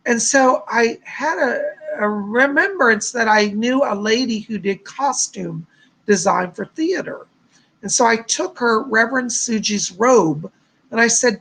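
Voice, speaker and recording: A man's voice: extremely high pitch, expressive, a little slow, sharp tone, rough recording. A man, hosting a psychic livestream in a rambling, chatty way with lots of fillers. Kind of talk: casual livestream chat.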